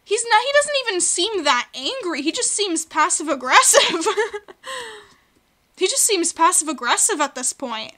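A woman's voice: very high voice, sing-song, normal speed, bright, forceful tone. A woman hosting a video game let's play, chatting playfully and talking to the creatures on screen. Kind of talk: gaming commentary.

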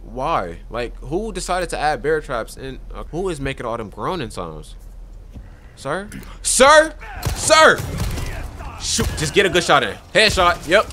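A young man doing let's play commentary on a horror game, swinging from low mutters to loud yells. His voice is lively and slightly high for a man, and he talks straight to his viewers into a desk mic. A faint hiss of noise sits under the voice. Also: moderate pace, hardly any pauses. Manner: excitable, talks to viewers, yelling at enemies. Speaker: gaming youtuber. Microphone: desk microphone.

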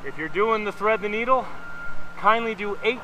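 A man's voice: high-pitched, moderate pace, background noise. A man from Wisconsin leading a guided workout outdoors, counting reps aloud, joking playfully and breathing hard from the exercise. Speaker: fitness instructor. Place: outdoors in the sun.

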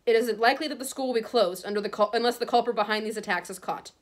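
A woman's voice: on the high side, rapid-fire, natural voice. A woman voicing a stern older female professor who speaks firmly and formally, reading aloud from a storybook. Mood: grave. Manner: firm, formal announcements.

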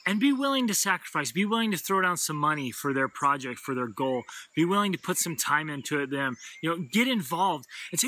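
A middle-aged man giving an energetic motivational talk as host, acting out quoted lines with enthusiasm. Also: fairly high pitch, brisk, few pauses.

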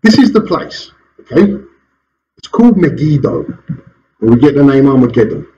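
A man's voice: mid-range voice, very animated, normal speed, warm tone, lo-fi sound, slight background noise. A man preaching a sermon as pastor in a church, asking rhetorical questions and chuckling between points. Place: church hall.

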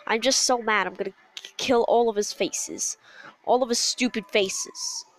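A woman giving gameplay commentary, muttering in frustration and breaking into sudden shouts. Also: a little high, moderate pace, low-quality recording. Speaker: gamer.

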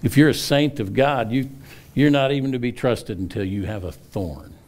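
A man's voice: mid-range voice, moderate pace, a little mellow. A middle-aged male pastor preaching a sermon, earnest, often repeating words and rising for emphasis.

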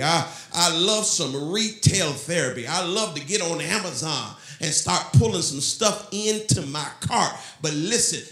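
A pastor preaches in a roomy church that rings with echo. His voice sits high and sounds bright and forceful. He swings from talk to shouted, sung-out lines. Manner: preaching, rising to shouts, half-singing phrases. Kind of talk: sermon. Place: church sanctuary. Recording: echoey church room.

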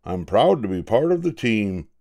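An older man voicing a polite, good-natured male gorilla in a storybook, calm, slow and friendly. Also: on the low side, vocal fry.

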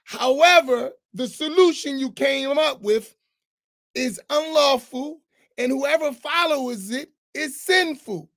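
A man's voice: extremely high pitch, takes it slowly, fairly bright tone. A man, an imam on an online roundtable, making his point firmly and insistently, step by step. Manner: firm, insistent, reasoning step by step.

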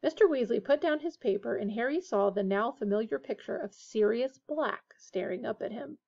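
A woman reading a children's fantasy novel aloud in a steady, expressive way. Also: on the high side, normal speed, vocal fry, few pauses. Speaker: audiobook reader. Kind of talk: storybook narration. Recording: dull lo-fi recording.

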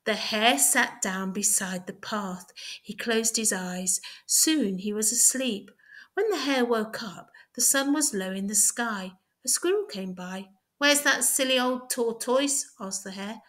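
A woman tutor reading a children's story aloud, clear, deliberate and expressive. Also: mid-range voice.

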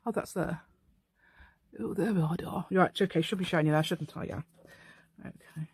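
Working at home, this weary middle-aged craft channel host from England rambles and chats to herself through a relaxed tutorial. She speaks at a normal speed in a husky, somewhat mellow voice on the low side, and the recording is dry.

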